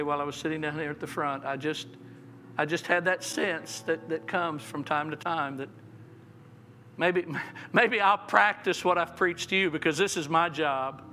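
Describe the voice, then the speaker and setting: A man's voice: a little high, sharp tone, slight background noise. A man preaching a sermon as pastor, often repeating words as he restarts sentences and acting out the quotes he reads. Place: church sanctuary.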